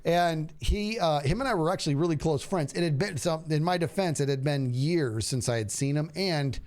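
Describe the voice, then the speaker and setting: A man in his forties telling stories in a relaxed casual chat, using "dude" and "bro" a lot. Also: a little high, normal speed. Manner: animated storyteller, says "dude" a lot. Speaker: streamer.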